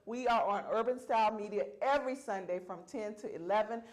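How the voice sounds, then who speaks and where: A woman's voice: mid-range voice, fairly quick. A woman hosting a talk show, effusive and calling her guests honey. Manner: effusive, calls people honey. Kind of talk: casual chat.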